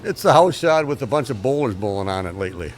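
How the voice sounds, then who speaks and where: A man giving casual commentary on a bowling tournament, chatty and quick to laugh as he announces the matchups. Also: mid-range voice, sing-song, noisy background.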